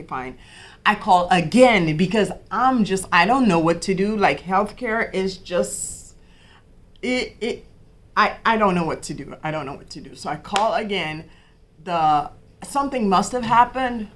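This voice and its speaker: Podcast host, young woman, low-pitched, emphatic, personal storytelling. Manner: animated, quotes others in dialogue, repeats herself.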